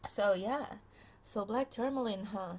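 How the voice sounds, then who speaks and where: Speaking unhurriedly in a medium-pitched, darkish voice, with slight background noise, a tired woman does a casual pick-a-card tarot reading on her phone camera. She's chatty, restarts often, fills her speech with fillers, and speaks directly to the viewer.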